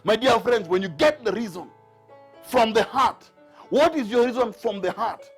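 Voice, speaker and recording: A man's voice: high-pitched, expressive, moderate pace, husky, soft background music. A man preaching a sermon to a Bible class, driving his points home with repeated rhetorical questions. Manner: emphatic, repetitive rhetorical questions.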